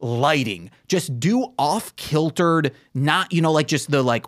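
Podcast co-host, jokey recap reader, very animated intonation. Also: mid-range voice. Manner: lively, jokey, reads prepared recaps. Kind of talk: casual chat about comics.

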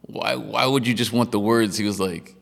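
A man with a low, gravelly voice, chatting casually as a podcast co-host. He tells stories with lots of energy, laughing and swearing freely. His voice carries a long room reverb. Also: moderate pace. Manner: animated storyteller, laughs often, swears freely. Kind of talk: casual chat.

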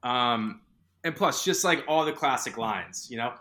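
A man's voice: mid-range voice, measured pace. A man from Boston in casual movie chat, swearing freely and eagerly quoting lines from films. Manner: excited, swears a lot, quotes film lines.

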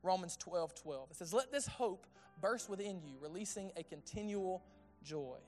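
A man preaching a sermon in a conversational way, asking the audience questions and dropping to a hushed tone on intimate points. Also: high voice, expressive, moderate pace, faint music behind. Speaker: pastor.

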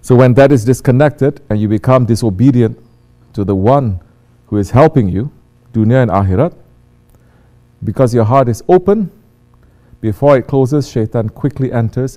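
A man giving a sermon as a religious teacher, acting out quoted voices and swinging between hushed and loud delivery. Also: medium pitch.

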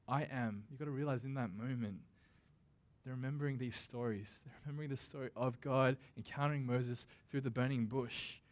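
A man with a medium-pitched, slightly mellow voice preaches a sermon as a pastor. He keeps it casual and conversational with self-deprecating asides, then acts out scripture quotes with slow, dramatic emphasis.

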